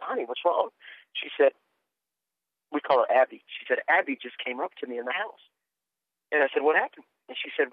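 A man's voice: medium pitch, dry recording. A man who is a minister giving an impassioned, earnest testimony as a guest, telling emotional stories and speaking prophetic words to listeners. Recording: tinny phone-like dry sound.

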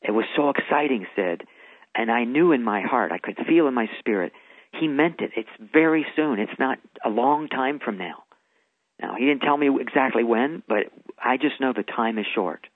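A man's voice: medium pitch, animated, moderate pace, dry recording. A man earnestly telling his story as a guest on a radio interview, with emphatic delivery. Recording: phone-like radio broadcast audio.

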